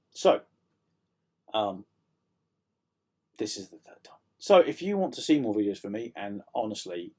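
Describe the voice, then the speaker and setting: Man, middle-aged, from South Yorkshire, low husky voice, a bit croaky, rambling self-deprecating chat. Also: a little mellow. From South Yorkshire, England. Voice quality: slightly croaky. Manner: rambling, self-deprecating, many ums and restarts. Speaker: author vlogging a writing update. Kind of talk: casual chat to camera. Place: home room, indoors.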